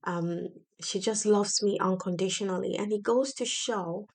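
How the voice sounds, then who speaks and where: A woman's voice: medium pitch, moderate pace. A woman in her thirties hosting a casual solo podcast from her home office, speaking in an earnest, encouraging way. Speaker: podcast host.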